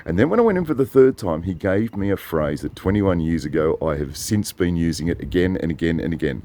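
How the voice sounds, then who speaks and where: A man's voice: deep voice, expressive, quick pace, hardly any pauses, dark tone. An Australian man rambling through a chatty story in a casual monologue, often correcting himself. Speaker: vlogger.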